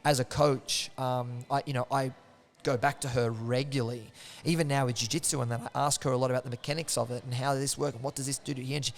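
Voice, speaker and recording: A man, an interview guest and martial arts coach, telling stories in a lively, laughing way and acting out quoted lines. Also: mid-range voice, fast, hardly any pauses. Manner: animated storyteller, acts out quoted lines, laughs often. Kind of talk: casual interview conversation.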